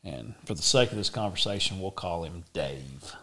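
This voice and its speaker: Man telling a lively story. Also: low-pitched, normal speed. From Oklahoma, USA. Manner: animated, acts out quoted speech, drawling. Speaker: interview guest. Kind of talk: casual storytelling.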